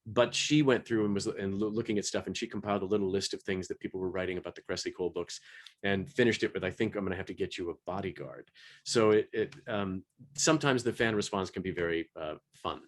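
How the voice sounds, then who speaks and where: A man who is an audiobook narrator and stage actor, talking on a panel in a halting way with many fillers and restarts. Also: on the low side. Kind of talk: panel discussion.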